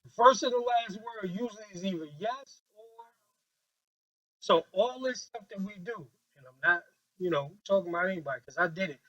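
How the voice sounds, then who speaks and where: A man leading a training workshop with a group, talking in a lively, joking way and acting out quoted voices on a handheld mic. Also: high voice, normal speed, low-quality recording.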